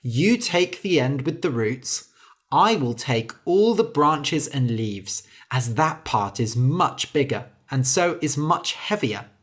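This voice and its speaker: A storyteller voicing a cheerful, boastful little male tailor who brags in a bright, lively way. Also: mid-range voice, slow pace.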